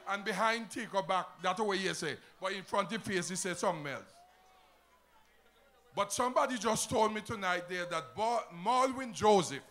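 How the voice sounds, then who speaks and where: A man with an Antiguan accent giving a loud, emphatic political rally speech to a crowd. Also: high voice, expressive, moderate pace. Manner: shouting, emphatic, rousing crowd.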